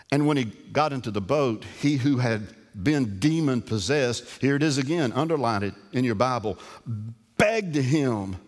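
Man, pastor, sermon, stutters restarts, slow, mid-pitched voice, long hall reverb. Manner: repeats words when starting, swings from soft to emphatic.

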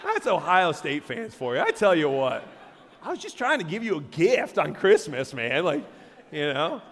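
A man preaches in a high voice, animated and conversational, breaking off for asides. His voice rings through a large church hall with a long reverb tail. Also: moderate pace, a little hiss or hum. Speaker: pastor. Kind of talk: sermon.

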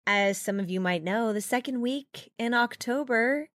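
A woman's voice: fairly high pitch, fairly bright tone, no room sound. A woman co-hosting a comedy podcast, talking in a playful, theatrical way in a studio, from California. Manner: playful, theatrical, quick to laugh. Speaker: podcast co-host. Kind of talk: casual chat.

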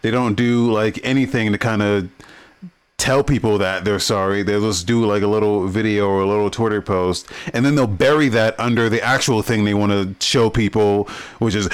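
A man co-hosting a casual podcast, blunt and quick to swear, often stammering on repeated words as he gets heated. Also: lowish voice, fairly even intonation, smooth. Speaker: podcast co-host.

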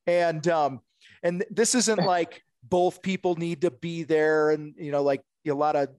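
A man's voice: on the high side, steady tone, measured pace, a little mellow, slight background noise. A man coaching contractors on sales in casual podcast talk, blunt and direct, acting out sales calls.

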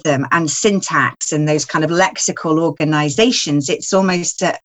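A woman's voice: low-pitched, moderate pace, a bit bright. A woman writer, a guest in a casual discussion, thinking aloud in a reflective way with many asides. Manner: reflective, thinks aloud, frequent "you know".

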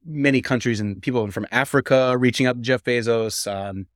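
A man's voice: mid-range voice, normal speed, no room sound, studio quality. A man hosting a casual podcast, posing questions to his co-hosts in a rambling way and restarting his sentences often. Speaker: podcast host.

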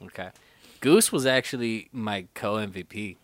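A man co-hosting a podcast, chatting casually about a film and acting out scenes with quick impressions. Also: fairly low pitch, no echo. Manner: animated, acts out movie scenes in quick impressions. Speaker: podcast co-host.

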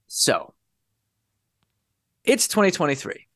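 A man's voice: on the high side, takes it slowly, slightly rough, no room sound, studio quality. A man hosting a podcast in a casual chat, wry and sarcastic as he sets up the topic. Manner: wry, sarcastic, lively delivery. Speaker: podcast host.

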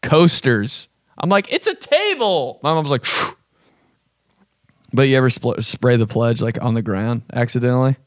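A vlog host with a mid-range voice rants casually and comedically in a rambling, profane way, joking and fond of saying bro and dude. The sound is clean studio quality with no echo.

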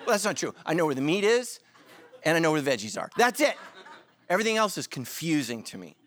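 Animated joking pastor, lively man's voice. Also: fairly high pitch, fast talker. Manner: animated storytelling with jokes and acted-out quotes. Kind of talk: sermon.

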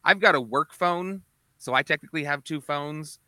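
Bright-voiced musing man on a podcast. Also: a little high, no room sound. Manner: deliberate, musing, with fillers. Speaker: podcast co-host. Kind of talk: casual podcast discussion.

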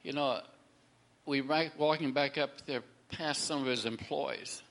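A man's voice: medium pitch, fairly even intonation, unhurried, a bit bright. A middle-aged man telling a faith testimony in a casual, rambling way, often repeating words and acting out the people he quotes. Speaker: storyteller sharing a faith testimony.

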